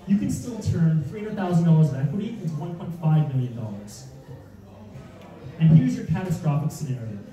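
A man giving an animated real estate seminar with slides, asking the audience rhetorical questions and acting out mock panic. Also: fairly high pitch, a little fast. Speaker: real estate investing speaker. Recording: echoey room, distant mic, audience.

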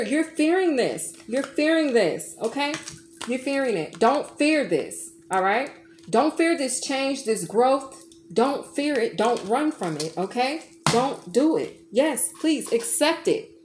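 A woman with a high, bright-sitting voice reads tarot cards aloud, pressing her points with repeated okays and pet names like baby and honey. The sound is roomy and echoey. Faint household noise hums underneath. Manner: coaxing, emphatic, calls listener baby and honey. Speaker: tarot reader. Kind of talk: tarot reading monologue.

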